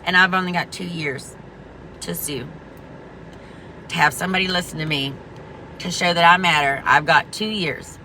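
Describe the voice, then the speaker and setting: A woman's voice: lowish voice, moderate pace, long pauses, pushed and bright, a little hiss or hum. A woman vlogging an angry, profane rant, emphatic and rambling, full of restarts. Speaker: veteran vlogger.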